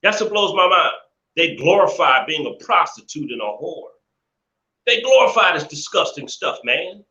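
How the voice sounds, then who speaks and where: A man's voice: on the high side, sing-song, moderate pace, pushed and bright. A man hosting a live stream, ranting indignantly and repeating himself in casual commentary. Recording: echoey room, dull lo-fi sound.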